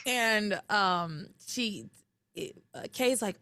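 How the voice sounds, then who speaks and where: Chatty woman podcast host, pitch all over the place, dry close mic. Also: slow pace, dry recording. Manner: animated, recounting with quoted voices. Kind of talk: casual recap chat.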